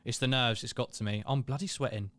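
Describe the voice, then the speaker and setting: A man's voice: mid-range voice, quick pace, fairly bright tone. A young man hosting a live match watchalong, chatting casually, reading viewer comments and calling the play. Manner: chatty, self-deprecating, reads out viewer comments.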